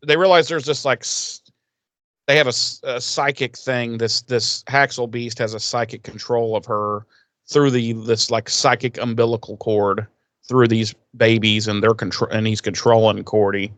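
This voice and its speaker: A man co-hosting a podcast, casually recapping an episode with lots of swearing and quick acted-out quotes. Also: medium pitch, no room sound. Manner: profane, animated retelling with voiced quotes. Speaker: podcast co-host.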